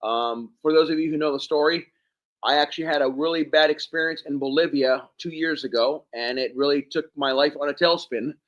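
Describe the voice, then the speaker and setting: A man hosting a live stream, hoarse from hours of talking, thanking viewers one by one by name. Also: a little high, steady tone, brisk, lo-fi sound. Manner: thanks viewers by name, rambling and warm-hearted. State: hoarse, losing his voice. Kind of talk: casual live stream chat.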